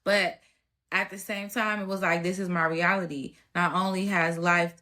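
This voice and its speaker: Woman in her thirties, podcast host, personal story, candid, colloquial, lowish voice. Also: fairly even intonation, moderate pace, sharp tone. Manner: casual, colloquial, candid and emotional.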